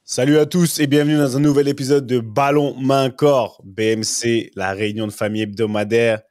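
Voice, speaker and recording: A man's voice: medium pitch, fairly even intonation, a little fast, a little mellow, dry recording, studio quality. A man hosting a casual football podcast, playful and joking, switching between French and English. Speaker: podcast host. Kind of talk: casual chat.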